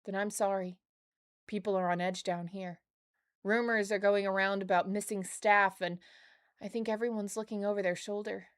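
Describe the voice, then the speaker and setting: A woman's voice: medium pitch, pitched below the performer's own voice, natural voice. A woman reading out a nervous letter from a male factory head of shipping, in nearly her own voice.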